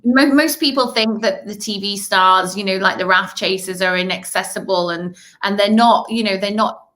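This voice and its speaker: A woman's voice: medium pitch, moderate pace, a bit bright. A woman co-hosting a casual livestream, rambling and enthusiastic with many "you know"s. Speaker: co-host of online festival livestream. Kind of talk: casual chat.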